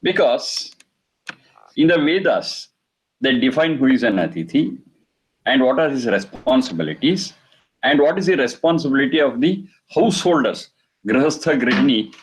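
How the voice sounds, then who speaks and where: A man giving a religious lecture, reciting verses and explaining them slowly. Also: medium pitch, rough recording. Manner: slow, repeats Sanskrit phrases and explains them. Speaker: Vedic teacher.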